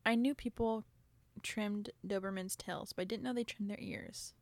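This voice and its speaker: A woman's voice: medium pitch, steady tone, moderate pace, no echo. A young woman co-hosting a podcast in playful casual chat, with a stuffed-up nose. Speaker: podcast co-host.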